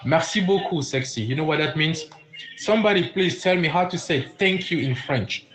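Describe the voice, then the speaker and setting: A man teaching a live-streamed beginner French lesson, repeating words slowly and chatting with viewers in the comments. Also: fairly high pitch, animated, over music, low-quality recording.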